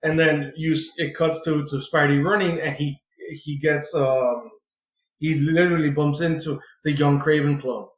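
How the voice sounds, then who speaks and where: This co-host's fairly high voice keeps an even intonation at normal speed as he recaps a comic on a podcast. The telling is meandering and full of fillers and profanity, with the room sounding roomy and echoey.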